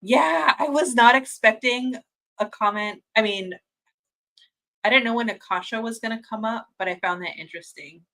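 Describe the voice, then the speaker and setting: Gushing, bright-voiced woman streamer. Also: on the high side, normal speed, poor audio. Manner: gushing and excitable, laughs often, restarts mid-sentence. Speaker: host of a fan watch-party stream. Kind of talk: casual livestream chat, reading viewer comments.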